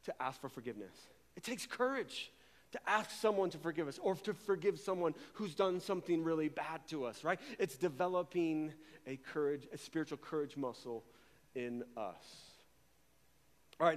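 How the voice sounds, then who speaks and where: High-voiced pastor preaching in a reverberant hall. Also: male voice. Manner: animated, conversational preaching with repeated words. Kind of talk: sermon. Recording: long reverb of a large hall.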